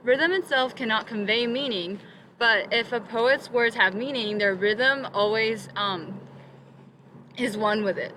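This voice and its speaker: A woman's voice: fairly high pitch, unhurried, a little hiss or hum, low-quality recording. A young woman presenting a poetry lesson, reading from prepared notes with the odd "um". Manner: steady reading with occasional um fillers.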